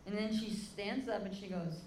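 A woman's voice: medium pitch, moderate pace, echoey room, noisy background. A woman preaching a sermon, telling an emotional testimony story and calling out to the crowd as "guys".

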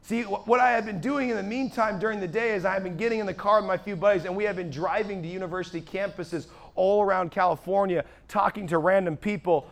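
A high-pitched man gives a sermon testimony to a gathered audience. His delivery is animated, dropping into quiet asides and then rising to excited shouts. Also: brisk. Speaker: evangelist preacher.

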